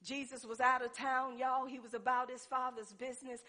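A woman preaching with a high, bright, ringing voice. She swings from loud exclamations down to hushed, low passages, and she calls out to the congregation as she goes. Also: flat delivery, moderate pace. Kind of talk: sermon.

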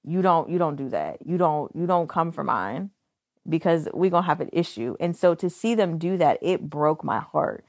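A young adult woman co-hosting a casual podcast chat, telling lively stories and acting out the dialogue. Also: sits low, moderate pace, no room sound, clean studio sound. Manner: animated storyteller, acts out dialogue. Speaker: podcast co-host.

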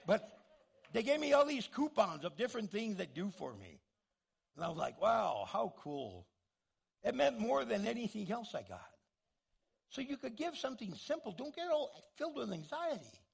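A man pastor preaching a sermon in an animated way, acting out the voices he quotes. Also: very high-pitched, normal speed, vocal fry, breathy edge.

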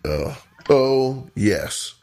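A man's voice: mid-range voice, sing-song, drawn-out words, a little mellow, slight background noise. A young man co-hosting a podcast, laid-back and joking in casual chat. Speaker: podcast co-host.

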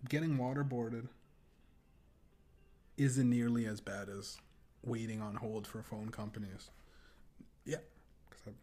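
A man's voice: medium pitch, darkish tone. A young man hosting a podcast, telling crude, rambling stories and laughing often. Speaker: podcast host. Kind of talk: casual podcast rant.

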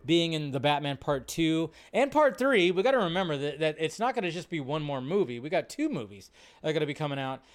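A man's voice: a little high, very animated, a little fast. A man hosting a casual live stream. He talks in a rambling way with lots of fillers and restarts. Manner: rambling, filler-heavy, chatty.

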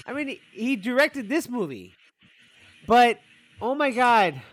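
High-voiced excitable man ranting. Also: a little slow, no room sound. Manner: excitable, profane, rambling. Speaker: podcast co-host. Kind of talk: casual podcast chat.

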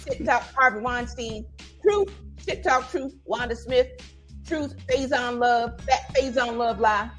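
A woman's voice: a little high, measured pace, faint music behind, close to an everyday voice. A woman doing an impression of a famous male comedian, reading out a clipped list. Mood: mock-serious.

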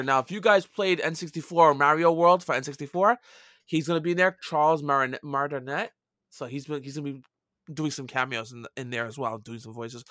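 A man's voice: a little high, bright, forceful tone, dry recording, studio quality. A man with a Brooklyn accent co-hosting a casual gaming podcast, chatty and loose, with mild swearing and frequent restarts. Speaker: podcast co-host.

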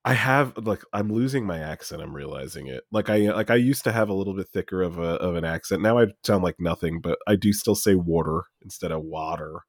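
A man's voice: low-pitched, brisk, few pauses, no room sound, clean studio sound. A man from New Jersey co-hosting a podcast, joking, swearing and laughing often in casual chat. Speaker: podcast co-host.

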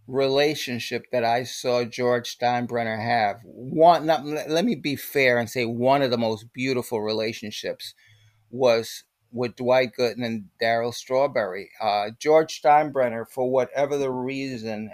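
A medium-pitched older man, guesting in a podcast interview, animatedly recounts stories and plays the parts of the voices he quotes. The sound is studio quality with no echo.

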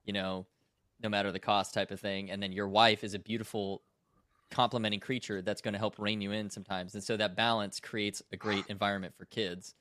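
Podcast co-host, male, military commander, low voice, earnest and reflective. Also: level tone, fairly quick, a bit bright, dry recording, clean studio sound. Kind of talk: casual podcast discussion.

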